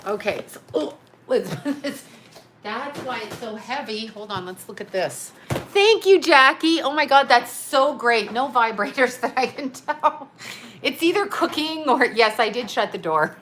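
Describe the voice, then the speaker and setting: A woman's voice: fairly high pitch, unhurried, a little hiss or hum. A middle-aged woman vlogging at home, unboxing a care package with lots of laughing and exclamations. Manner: excitable, laughs often, exclaims "oh my God".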